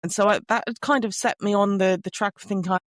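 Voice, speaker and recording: A woman's voice: medium pitch, steady tone, fast, no echo, clean studio sound. A middle-aged woman from the UK, a forensic linguist and podcast guest, chatting and telling her story with frequent laughs and restarts. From United Kingdom.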